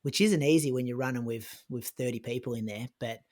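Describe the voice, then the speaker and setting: A man on a podcast, casually retelling a race in a chatty way, full of "like" and quick restarts. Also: mid-range voice, a little mellow. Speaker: podcast co-host recounting his race. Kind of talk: casual conversational storytelling.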